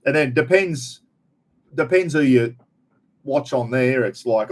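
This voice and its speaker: A man's voice: medium pitch, normal speed. A middle-aged Australian man hosting a casual live chat, talking in a rambling, blokey, slangy way straight to his viewers. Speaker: live stream host.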